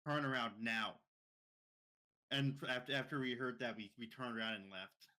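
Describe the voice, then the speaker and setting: Young male podcast co-host, bright tone, rambling casual storyteller who repeats and restarts his phrases. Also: medium pitch, fast. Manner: rambling, repeats words and restarts, mimics others' speech.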